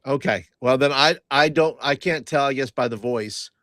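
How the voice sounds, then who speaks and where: A man playing a tabletop game, thinking out loud and hesitating as he plans his moves. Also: mid-range voice, moderate pace, no echo, clean studio sound. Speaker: player. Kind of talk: tabletop role-play as a player.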